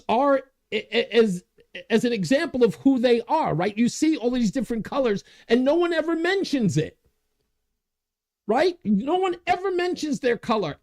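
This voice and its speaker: A male talk show host with a high, lively voice that swings widely in pitch. He rants with growing energy, laughs at himself and reads out viewer comments between his points. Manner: animated, gets worked up and laughs at himself.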